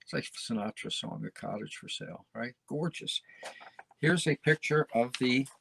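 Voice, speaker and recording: A man's voice: medium pitch, moderate pace, vocal fry, a bit bright, a little hiss or hum. A male host giving a folksy, emphatic monologue, often repeating phrases and tagging lines with "okay?". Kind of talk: casual talk show monologue.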